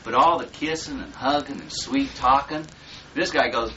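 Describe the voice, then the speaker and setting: A man's voice: mid-range voice, normal speed, a bit bright. A man giving a live seminar talk in a blunt, profane way, often checking in with his listeners. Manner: blunt and profane, checks in with "okay?" and "does that make sense?". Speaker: seminar instructor. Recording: distant, dull lo-fi room recording with faint noise.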